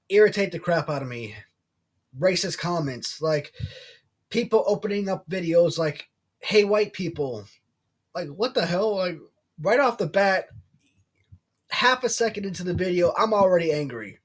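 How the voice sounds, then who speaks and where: Male vlog host, casual rambling delivery, blunt and swears a lot, slightly high voice. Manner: blunt, opinionated, swears freely. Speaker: channel host.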